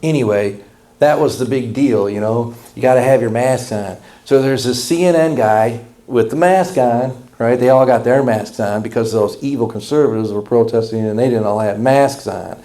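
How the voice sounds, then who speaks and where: Male pastor, sermon delivery, folksy and impassioned, mellow dark voice. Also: medium pitch, moderate pace. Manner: folksy, blunt, impassioned preaching.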